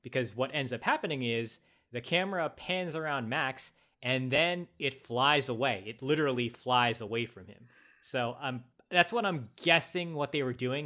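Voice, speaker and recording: A man co-hosting a casual podcast, calmly explaining how a movie was shot and why its story fails. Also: medium pitch. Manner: explanatory, analytical about filmmaking. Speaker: podcast co-host. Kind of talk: casual movie review chat.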